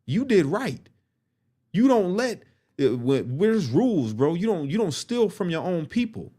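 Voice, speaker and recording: A man's voice: sits high, sing-song, a little slow, mellow, slightly rough, pitched above the performer's own voice, exaggerated voice. A man voicing an older male inmate, pushing his point in an urgent, preachy street manner. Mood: insistent.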